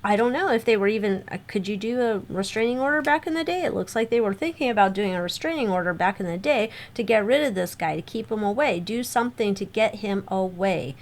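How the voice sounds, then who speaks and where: A woman's voice: mid-range voice, animated, quick pace, hardly any pauses. A woman giving a casual spoken tarot reading, rambling with lots of fillers and restarts. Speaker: tarot reader.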